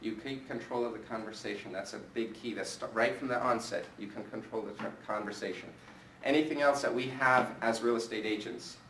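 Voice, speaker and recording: A man's voice: on the low side, fairly quick, few pauses, fairly bright tone, a little hiss or hum. A man leading a live sales training in front of a group, coaching energetically and asking the room questions. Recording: echoey room from a distance with faint ambience.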